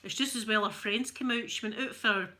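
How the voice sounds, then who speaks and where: Bright-voiced chatty Scottish woman. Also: fairly high pitch, fairly even intonation, fairly quick. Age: middle-aged. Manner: chatty, rambling storyteller. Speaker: ASMR creator. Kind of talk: casual chat while ironing.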